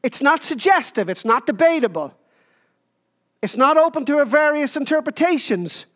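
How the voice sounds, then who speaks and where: A woman preaching a sermon, emphatic, with short repeated phrases and pauses. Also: animated. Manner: jokes about squeaking into a higher voice.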